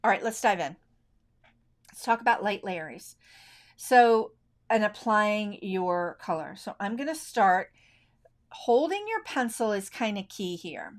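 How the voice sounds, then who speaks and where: A middle-aged woman teaching colored pencil technique on a live stream, talking in a relaxed, chatty way and thinking aloud as she works. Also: mid-range voice, measured pace. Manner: left-handed. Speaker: art instructor.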